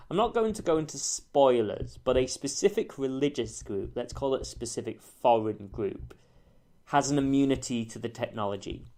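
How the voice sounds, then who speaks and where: A man's voice: medium pitch, darkish tone. A man reviewing an old TV series in a casual spoken monologue, thoughtful and careful, often correcting himself mid-sentence. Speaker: TV show reviewer.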